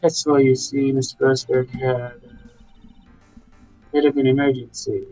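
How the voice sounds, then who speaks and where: A man's voice: medium pitch, little pitch movement, a little slow, warm tone, soft background music, natural voice. A composed young lady lawyer, read by a man. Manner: reading game dialogue aloud, plain. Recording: slightly dull, lo-fi mic.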